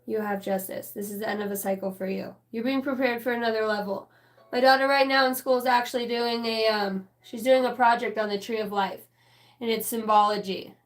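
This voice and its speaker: A woman's voice: fairly high pitch, steady tone, fairly quick. Chatty woman doing a spiritual reading. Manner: rambling, profane, chatty. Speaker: spiritual channeler. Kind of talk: casual channeled reading.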